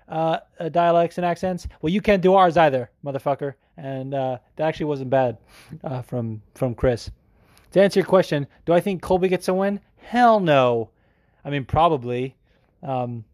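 American guy hosting a podcast, slightly high voice, loose and profane, close and dry sound. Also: darkish tone, dry recording. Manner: profane, rambling, laughs easily. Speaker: podcast host. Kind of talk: casual chat.

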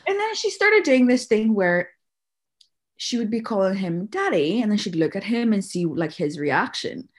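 A woman's voice: mid-range voice, big pitch swings, normal speed, husky. A woman, a mother casually telling a story about her daughter and acting out the quotes, laughing often. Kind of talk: casual chat.

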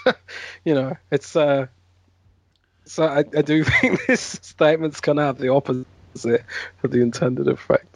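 A man's voice: a little high, normal speed, creaky, long pauses, no echo. Chatty man with West Midlands accent. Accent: West Midlands English. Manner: chatty, laughs often, repeats words. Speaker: guest podcast panelist. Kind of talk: casual podcast chat.

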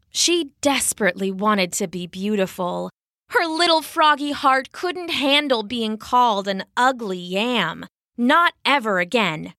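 A woman narrating a children's story on a podcast in an animated, expressive way. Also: on the high side, no room sound, clean studio sound.

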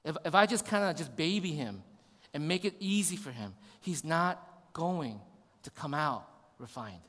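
A man's voice: on the high side, expressive, measured pace, fairly bright tone, big-room sound. A man in his thirties, a pastor giving a conversational sermon with rhetorical questions.

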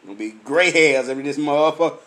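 A man's voice: on the high side, fast talker. A man from Memphis, drinking while telling a profane story in a casual monologue, acting out the voices of the people in it. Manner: profane, animated storytelling with acted-out dialogue. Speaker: vlogger.

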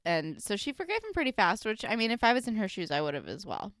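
Young woman podcast co-host, animated, laughs a lot, very expressive pitch. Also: fast, no room sound, clean studio sound. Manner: laughs often, animated asides. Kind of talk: casual recap chat.

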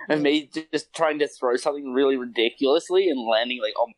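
A man's voice: mid-range voice, brisk, rough recording. A man in casual chat with a friend, laughing often and acting out quotes with some swearing.

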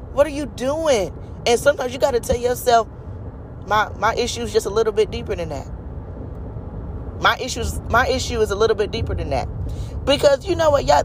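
Fervent devotional preacher, middling pitch, repeats lines, faint street noise in back. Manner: emphatic, repeats phrases, talks straight to listeners; calls out to the audience with "y'all" and "you guys".

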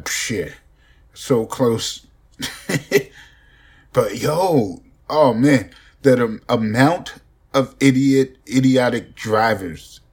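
A man's voice: mid-range voice, a little mellow, husky. A young man rambling profanely and joking in a casual podcast monologue, recorded on a phone. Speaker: podcast host.

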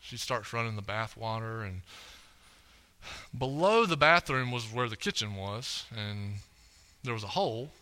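A man's voice: on the low side, lively intonation, unhurried, long pauses, sharp tone. A young man preaching a sermon from a church stage, telling a personal story in a casual, conversational way and often checking in with "right?".

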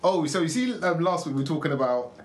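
A man's voice: on the high side, quick pace. A young man in a casual chat, slangy, putting questions to his friends and chiming in with short reactions. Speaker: podcast co-host.

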